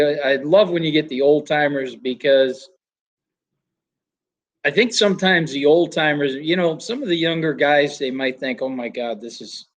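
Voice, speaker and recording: A man's voice: a little high, low-quality recording. An older man, a flooring trainer, chatting casually and telling stories about the trade with quoted voices. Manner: storytelling with quoted voices and laughs. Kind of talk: casual chat.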